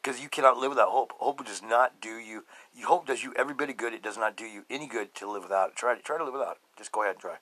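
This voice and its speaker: A middle-aged man hosting a podcast, telling his own story emphatically and swinging between loud outbursts and low murmurs. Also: rapid-fire, few pauses, no echo, poor audio. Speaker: podcast host. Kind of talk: personal testimony monologue.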